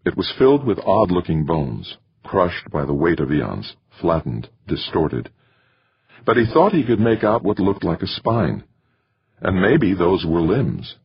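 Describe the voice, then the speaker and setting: A man reading a novel aloud as an audiobook narrator, in expressive storytelling. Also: low voice, measured pace, husky, muffled recording. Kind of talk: scripted narration.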